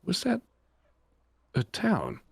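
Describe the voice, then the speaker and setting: A man's voice: high-pitched, wildly swooping pitch, extremely slow, creaky, fairly bright tone, breathy edge, dry recording. A man chatting casually as a player in a tabletop game, playful and full of hesitations.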